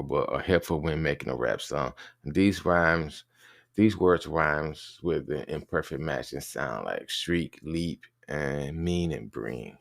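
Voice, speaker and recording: A man with an extremely low, gravelly voice talks through an informal lesson. He stops and restarts often and spells words out letter by letter. The sound is dry, with no room echo. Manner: halting, with many fillers and restarts, spelling words out. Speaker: teacher explaining rap rhyme schemes.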